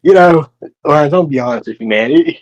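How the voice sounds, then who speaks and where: A man in character as a wrestler, volatile and cursing, swinging between forced calm and anger. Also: on the high side, quick pace, muffled recording. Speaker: wrestler persona in a press conference roleplay.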